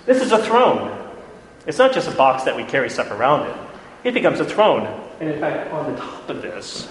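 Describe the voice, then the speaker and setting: A chatty man lectures informally in an echoey hall with faint background room noise, his voice on the high side with big pitch swings at normal speed. He frequently checks in with "right?"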